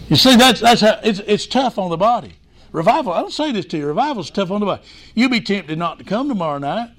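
A man preaching a revival sermon as a missionary, fervent and exclaiming glory and hallelujah, breaking in with "hey, listen" and sudden shouts. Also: sits high, animated, fast talker.

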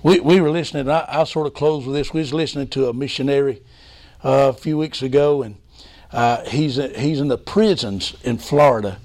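A man preaching a sermon in a folksy, excitable way. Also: medium pitch, normal speed. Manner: folksy, excitable preaching with repeated "hey, listen".

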